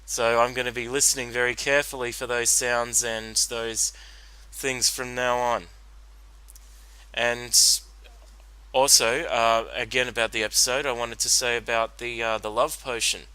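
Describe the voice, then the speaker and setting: A man's voice: mid-range voice, little pitch movement, unhurried, pushed and bright, clean tone, dry recording, low-quality recording. A man giving a solo commentary on a cartoon episode, rambling with many fillers and restarts. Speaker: reaction commentator.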